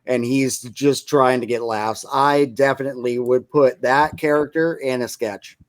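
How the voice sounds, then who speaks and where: A man's voice: mid-range voice, steady tone, unhurried, no echo. A man co-hosting a podcast, casually recapping a movie plot and rambling into restarts. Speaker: podcast co-host.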